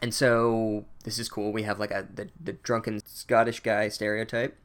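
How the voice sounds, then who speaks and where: A man recapping a book chapter with deadpan sarcasm and profane asides. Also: lowish voice, normal speed, clean tone.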